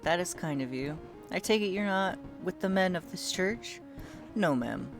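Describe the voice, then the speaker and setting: A streamer reading the lines of a frightened young mother from a game, in a soft, worried way. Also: medium pitch, expressive, normal speed, over music, lightly acted. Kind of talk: reading game dialogue aloud.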